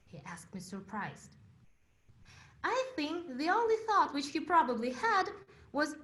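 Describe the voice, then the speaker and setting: A young woman from Uzbekistan whose native language is Russian gives a prepared contest speech in English, telling her story with dramatic pauses. Her voice is high-pitched and fairly bright, with big swings in pitch.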